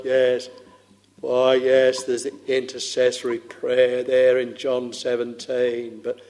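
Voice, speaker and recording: A man's voice: mid-range voice, a little mellow. A man preaching a sermon with old-style fervor, calling his listeners dear soul, sometimes swelling into a half-sung chant. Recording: long hall reverb.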